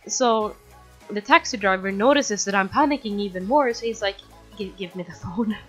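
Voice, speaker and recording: Woman, casual storytelling, chatty, fillers and restarts, mid pitch, soft background music. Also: moderate pace. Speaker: storytime video creator.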